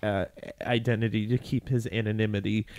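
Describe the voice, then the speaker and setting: A man's voice: lowish voice, little pitch movement, fairly quick, darkish tone, no echo. Rambling, swearing podcast guy. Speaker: podcast co-host. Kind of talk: casual chat.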